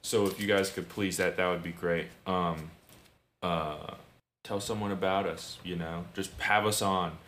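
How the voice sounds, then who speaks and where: A man's voice: deep voice, fairly even intonation, a little slow, fairly bright tone. A man co-hosting a podcast, chatting casually with crude jokes and frequent laughs. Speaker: podcast co-host. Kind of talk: casual chat. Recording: echoey room, faint noise.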